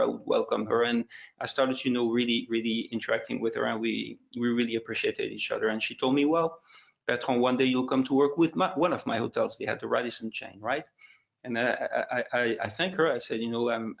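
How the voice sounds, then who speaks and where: A man's voice: mid-range voice, vocal fry, muffled recording. A man moderating a webinar panel, telling his career story with frequent restarts and a touch of emotion, over a video call.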